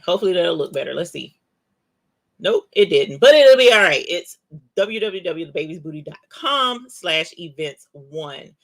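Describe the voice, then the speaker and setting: A woman's voice: deep voice, creaky, a bit bright. A woman hosting a casual live crafting tutorial, chatty and folksy, talking straight to her viewers. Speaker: crafting livestream host.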